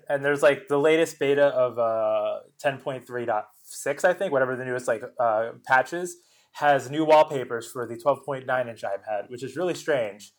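Man explaining tech on a podcast. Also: mid-range voice. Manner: explanatory, knowledgeable, wry. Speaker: podcast co-host. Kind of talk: casual tech podcast chat.

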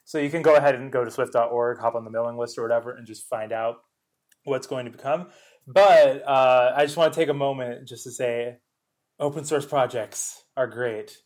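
A man's voice: mid-range voice, fairly even intonation, a little fast, darkish tone. A man co-hosting a casual tech podcast, explaining technical matters in a knowledgeable, wry way. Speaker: podcast co-host.

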